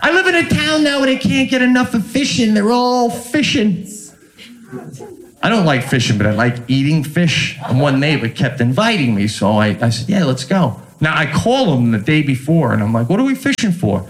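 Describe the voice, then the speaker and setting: A middle-aged man doing a stand-up set, animated and exasperated, slipping into quick impressions. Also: a little high. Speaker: stand-up comedian. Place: club stage with a laughing audience. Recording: live stage recording with crowd laughter.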